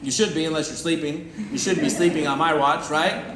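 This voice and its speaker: A man from the United States giving a joking, animated motivational talk to a live audience, acting out little scenes. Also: a little high, brisk, noisy background. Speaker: motivational speaker. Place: event hall with audience. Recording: roomy hall recording.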